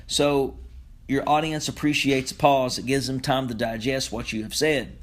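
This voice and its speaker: A man's voice: medium pitch, flat delivery, normal speed. A man teaching a speech communication lecture as a podcast, explaining points plainly with occasional fillers.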